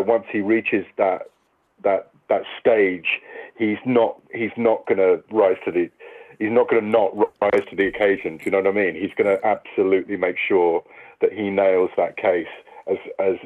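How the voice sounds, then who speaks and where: A very low-voiced man talks through acting in a radio interview, thinking aloud and circling back over his phrases. The sound is thin and phone-like, as if squeezed through a narrow line. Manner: thoughtful, restarts sentences while working out ideas. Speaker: stage and TV actor.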